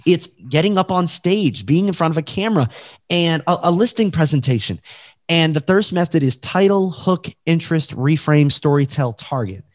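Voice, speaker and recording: Energetic man on a dry video call. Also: on the high side, moderate pace, no room sound. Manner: energetic, emphatic, demonstrates with his voice. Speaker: realtor and guest. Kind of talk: casual podcast interview.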